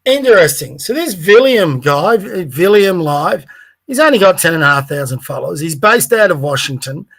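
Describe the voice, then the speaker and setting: A man with a fairly high voice hosts a livestream podcast. He talks in a blunt, rambling way and swears freely. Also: sing-song, moderate pace, a bit bright. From Australia. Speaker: podcast host. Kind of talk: livestream commentary.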